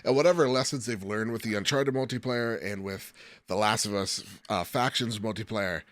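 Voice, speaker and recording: A man's voice: fairly low pitch, normal speed, a bit bright, dry recording. A man co-hosting a casual gaming podcast, joking around and reading out listener mail, with a slight lisp. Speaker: podcast co-host.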